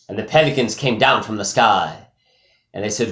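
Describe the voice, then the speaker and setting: Casting: goofy male storyteller, casual and giggly, lively pitch, echoey room. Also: normal speed. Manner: goofy, laughing, sidetracked.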